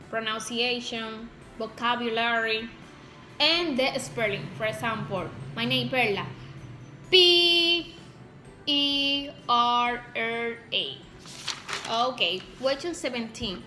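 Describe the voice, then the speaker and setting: A woman's voice: on the high side, a bit bright. A young woman from the Dominican Republic with a Dominican Spanish accent, reading out exam answers carefully as a student. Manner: careful, deliberate, spelling words out.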